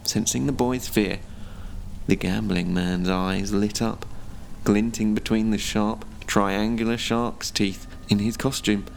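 A man narrating a written story in a measured, expressive storytelling manner. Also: lowish voice, gravelly, slight background noise.

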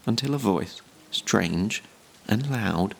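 A man narrating a written story in a measured, expressive storytelling manner. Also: lowish voice, vocal fry, slightly rough.

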